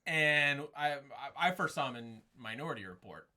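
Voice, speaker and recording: A man co-hosting a casual film talk show, chatty and quick with short agreements. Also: mid-range voice, lively intonation, sharp tone. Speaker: podcast co-host.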